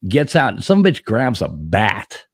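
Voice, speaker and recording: A man's voice: lowish voice, huge pitch swings, unhurried, slightly rough, dry recording, clean studio sound. A man co-hosting a casual podcast, telling a long rambling story, swearing freely and laughing as he goes.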